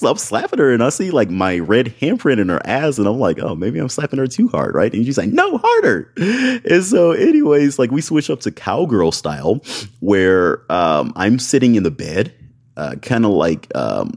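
A man's voice: on the low side, sing-song, normal speed, darkish tone. A man hosting a podcast, telling a story in casual, rambling talk full of fillers, often checking in with "right?" and "y'all". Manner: rambling, filler-heavy, keeps asking "right?"; addresses listeners as "y'all". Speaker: podcast host.

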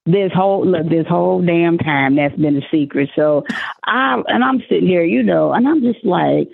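A woman from Oklahoma telling a story in slangy, animated casual chat, acting out quotes in a high voice. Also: moderate pace, creaky, slightly rough, no echo. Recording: dry phone-like line.

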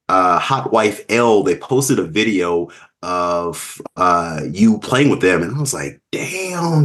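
Male podcast host, unhurried, low-pitched, easygoing and self-mocking. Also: a bit bright. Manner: laid-back, chuckling, self-mocking. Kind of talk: casual podcast chat.

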